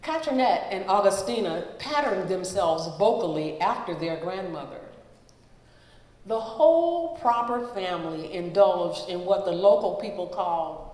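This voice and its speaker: Before a live gathering, a storyteller reads a personal memoir aloud very slowly and deliberately, leaving pauses between phrases. The middle-pitched voice is animated and a little mellow, and a long, roomy hall reverb surrounds it.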